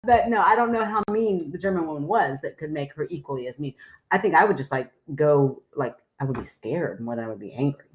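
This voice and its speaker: A woman's voice: low-pitched, expressive, a little fast. A woman co-hosting a podcast as the skeptic, chatting casually in a blunt, teasing way.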